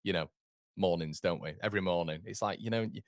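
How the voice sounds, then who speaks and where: A man with a deep voice chats through a football live stream. He rambles casually and greets viewers by name, and his voice is recorded dry and close. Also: fast, no echo. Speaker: football channel host.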